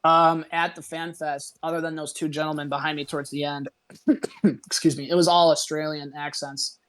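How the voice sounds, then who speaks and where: A young man from the United States, a podcast guest telling a travel story in a relaxed, chatty way and quoting people he met. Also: a little high, moderate pace.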